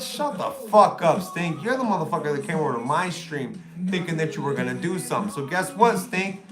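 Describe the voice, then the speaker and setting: Foul-mouthed streamer, high voice. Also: male voice, lively intonation, fairly quick, a bit bright, soft background music. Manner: taunting, crude, rambling. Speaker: livestream host. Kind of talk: profane livestream rant.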